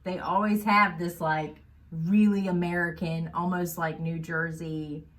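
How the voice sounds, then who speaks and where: A woman co-hosting a casual book podcast, chatty and animated, laughing often. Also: lowish voice, a little slow. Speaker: podcast co-host.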